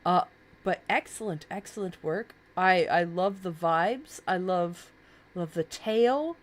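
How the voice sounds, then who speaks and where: A woman's voice: on the low side, takes it slowly. Bubbly woman streamer gushing over characters. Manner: bubbly, gushing, filler-heavy. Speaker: streamer reviewing viewers' characters. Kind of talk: casual live-stream chat.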